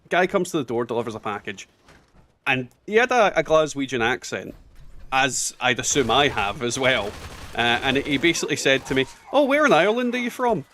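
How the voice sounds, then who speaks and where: A man in his thirties with a softened Scottish accent, chatting casually and swearing as he plays a game on stream. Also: medium pitch. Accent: Scottish, toned down. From Scotland. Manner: chatty, swears, jokey asides. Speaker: gaming streamer. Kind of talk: casual chat while playing a game.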